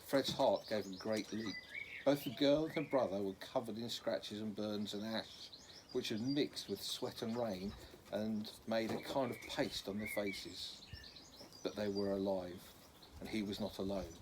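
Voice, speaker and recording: A man's voice: lowish voice, fairly even intonation, measured pace, background noise. A man reading a children's novel aloud in an unpolished way, stopping now and then to correct slips. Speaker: reader.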